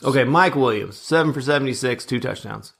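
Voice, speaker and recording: A man's voice: mid-range voice, brisk, creaky, fairly bright tone. A man in his thirties co-hosting a sports podcast, chatting casually, joking and reading out stats. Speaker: podcast co-host.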